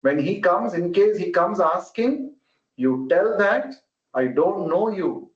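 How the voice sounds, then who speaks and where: A man's voice: high-pitched, lively intonation, slow, pitched above the performer's own voice. A man voicing a troubled older man torn over a promise, insistent and anguished. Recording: roomy, muffled online call audio.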